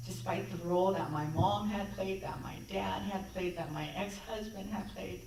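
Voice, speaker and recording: A woman's voice: mid-range voice, a little hiss or hum. Woman telling her story in an echoey hall. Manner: conversational, reenacts dialogue. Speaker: guest speaker. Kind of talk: personal storytelling talk. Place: church sanctuary. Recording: echoey hall, distant mic.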